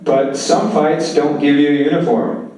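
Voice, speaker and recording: A man puts on a drunk old soldier camped by a river, calm and drily amused. He speaks in a laconic, understated way. The sound is very roomy and echoey, picked up from away from the mic. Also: on the high side, a little slow, distant mic, natural voice. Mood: dry, calm.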